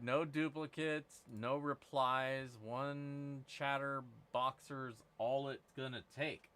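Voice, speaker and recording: A man with a medium-pitched, sharp voice. He hosts a gold prospecting giveaway on his livestream, chatting casually in a crude, rambling, joking way.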